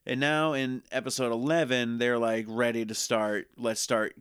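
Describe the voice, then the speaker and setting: A man co-hosting a casual chat, recapping a show in loose, profane talk and slipping into quick mock voices. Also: mid-range voice, flat delivery, fairly bright tone, clear, resonant tone, no room sound, studio quality. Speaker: podcast co-host recapping a TV series.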